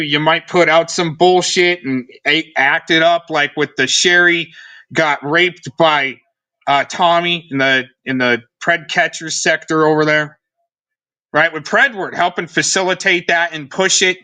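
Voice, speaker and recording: A man's voice: a little high, steady tone, unhurried, pushed and bright. A man hosting a livestream, ranting in a sarcastic, rambling, scornful way as he comments on a recording. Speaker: livestream host.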